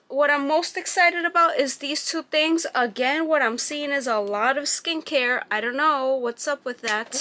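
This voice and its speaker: A woman's voice: sits high, sharp tone. A woman vlogger chatting through a beauty box unboxing, reading product labels aloud and gushing over packaging. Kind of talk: casual unboxing review.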